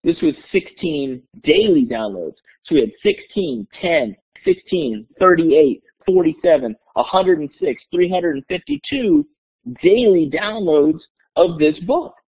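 A male teacher telling a classroom story to other educators in a webinar, energetic and enthusiastic, acting out the voices in his story. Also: high voice, unhurried, vocal fry, breathy edge. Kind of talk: animated storytelling presentation. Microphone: webinar call mic. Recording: tinny phone-like webinar audio.

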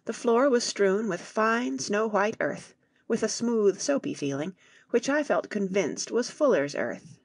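A woman in scripted audiobook narration, reading in a measured way and voicing the characters. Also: medium pitch, animated, no room sound, studio quality.

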